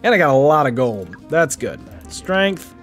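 Man, gaming commentary, lively up-and-down pitch, playful, faint game music behind. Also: a little slow. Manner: playful, joking, animated reactions. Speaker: gaming YouTuber. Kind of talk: casual let's-play commentary.

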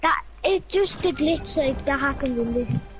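A woman's voice: high voice, measured pace, faint music behind. A woman talking casually with teammates during an online game, explaining things with lots of fillers. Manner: chatty, explains with many fillers. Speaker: gamer.

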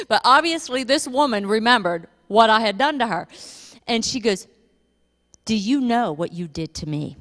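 Woman pastor, fairly high voice, lively storytelling sermon, church hall reverb. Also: measured pace, pauses often. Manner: animated storytelling, laughing at her own stories.

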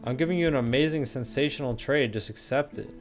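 A young man chats loosely on a livestream and reads viewer messages aloud. He jokes and talks in slang, at a medium pitch. Soft music plays faintly behind him. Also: brisk. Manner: laid-back, joking, slangy, reads chat aloud. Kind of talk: casual livestream chat.

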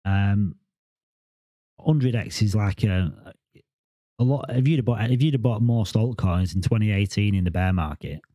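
Mellow, low-voiced man in his forties. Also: normal speed, dry recording. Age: 40s. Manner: rambling, repeats words and restarts sentences. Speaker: crypto vlogger. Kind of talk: casual vlog monologue.

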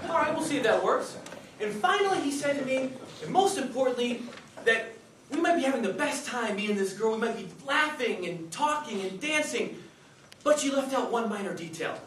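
Speaking in a very high-pitched, slightly bright voice, this middle-aged contest speaker moves fairly quickly and with lots of animation. He gives a funny, self-deprecating, conversational speech aimed right at the crowd in a meeting hall. The audio comes from a distant mic in an echoey room and is noisy.

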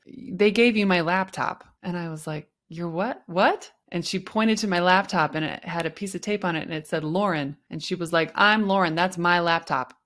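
A woman's voice: fairly low pitch, a bit bright. A young adult woman hosting a podcast, telling a personal work story and acting out the quoted dialogue with shifting tones. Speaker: podcast host.

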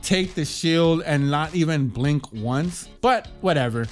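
A man casually reviewing a TV episode, talking in animated bursts with lots of restarts and quoted lines. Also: fairly high pitch, unhurried, faint music behind. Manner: animated, many restarts and repeated words, acts out quotes. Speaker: TV show reviewer.

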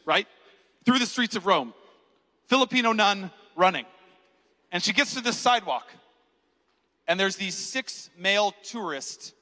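Male keynote speaker, animated storyteller, bright forward voice, reverberant hall. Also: sits high.

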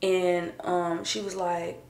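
A woman in her thirties chatting casually to camera at home as a vlogger, rambling and chatty and sometimes dropping into hushed asides. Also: lowish voice, flat delivery, takes it slowly. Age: 30s. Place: at home getting ready. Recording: roomy echo.

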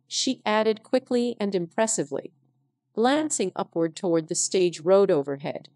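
A synthetic-sounding woman narrating a story in an even, unhurried reading voice. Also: medium pitch, dry recording. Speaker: audiobook narrator. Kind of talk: scripted narration.

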